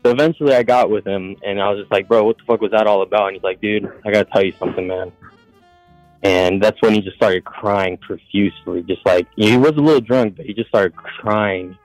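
Male caller, lowish voice, profane rambling storyteller, dry close sound. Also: fairly quick, a little mellow, no room sound, faint music behind, rough recording. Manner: profane, rambling, quotes others. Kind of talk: casual storytelling.

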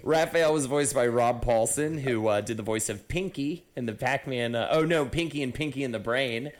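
A man co-hosting a podcast in loose, casual chat, swearing and filling pauses with "uh" and "um". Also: medium pitch. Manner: chatty, loose, swears, lots of fillers. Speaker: podcast co-host.

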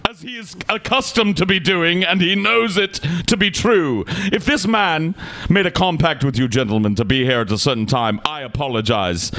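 A man's voice: fairly high pitch, lively intonation, normal speed, fairly bright tone, voice pushed up. A man voicing a pompous, old-fashioned manservant knight who talks in grand archaic phrases. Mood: haughty indignant. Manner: archaic formal speech, indignant and grandiose.

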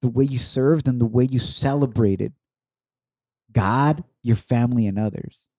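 A man's voice: medium pitch, measured pace, mellow, no echo, clean studio sound. A middle-aged man co-hosting a podcast, talking earnestly and reflectively with his wife and encouraging listeners. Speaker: podcast co-host. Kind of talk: heartfelt conversation with his wife.

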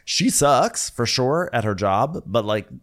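A man's voice: medium pitch, very animated, slow. A man co-hosting a casual recap chat, sarcastic and chatty, saying "like" a lot. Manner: chatty, sarcastic, heavy use of "like". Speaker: podcast co-host.

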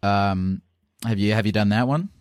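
A male podcast host with a lowish voice, chatting casually with callers and often restarting his sentences. His voice is recorded dry and close. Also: no echo. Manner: halting, with many restarts and fillers. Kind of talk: casual call-in chat.

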